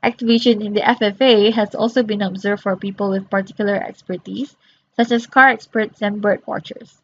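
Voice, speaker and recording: A drowsy young woman talks through her course notes late at night, half reading and half explaining in loose, rambling sentences full of fillers and restarts. Her voice sits at a middle pitch, and the audio is a little dull and lo-fi. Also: steady tone, brisk. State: very sleepy. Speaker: student reviewing course notes.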